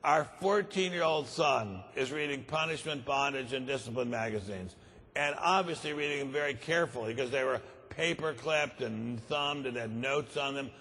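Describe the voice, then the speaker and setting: A man voicing an upset housewife who tells her story slowly and fretfully, in a large echoing hall. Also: medium pitch, a bit bright, slightly rough. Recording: long reverb of a large conference hall.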